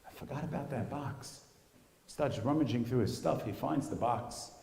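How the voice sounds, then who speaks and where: A man's voice: medium pitch, normal speed, creaky, darkish tone, a little hiss or hum. A man, a rabbi, telling a story in a sermon at a school with dramatic, varied delivery. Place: school hall. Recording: reverberant hall.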